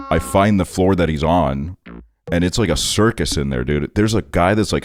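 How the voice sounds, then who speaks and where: A man's voice: low voice, a little mellow. A young man casually telling a long travel story, rambling and swearing with lots of filler words. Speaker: streamer. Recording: music bed behind the voice. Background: guitar music.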